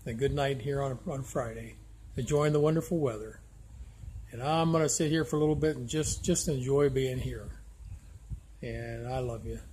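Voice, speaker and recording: An older man talking in a halting, heartfelt way as he films himself on a phone outdoors by a lake. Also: medium pitch, steady tone, darkish tone, slight background noise. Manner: halting, restarts often, heartfelt. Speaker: vlogger. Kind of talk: casual video diary. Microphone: handheld phone camera.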